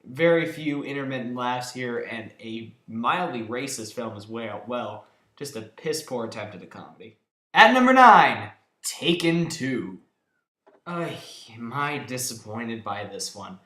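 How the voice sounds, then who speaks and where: A man's voice: medium pitch, normal speed, fairly bright tone. Male reviewer, exasperated and sarcastic, recorded in a roomy, reverberant space. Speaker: film reviewer. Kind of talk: ranting countdown review. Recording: echoey room.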